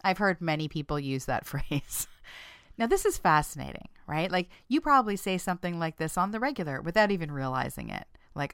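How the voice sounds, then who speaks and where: A woman hosting a casual self-help talk for listeners, playful and frank, laughing often and jumping in pitch when she acts out quoted lines. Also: big pitch swings, brisk, a bit bright, clear, resonant tone, dry recording, clean studio sound. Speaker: podcast host.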